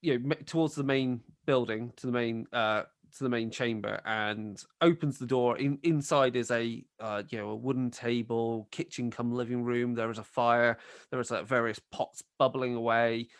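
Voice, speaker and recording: A man's voice: mid-range voice, steady tone, moderate pace, no echo, clean studio sound. Man rambling as game master. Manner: rambling descriptive narration with fillers. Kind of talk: narrating a tabletop game.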